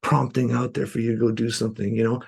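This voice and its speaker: A man's voice: mid-range voice, little pitch movement, fast talker, creaky, a little mellow, husky. A man who is a podcast guest and musician, telling earnest stories in loose conversation, filled with "you know". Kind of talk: conversational storytelling.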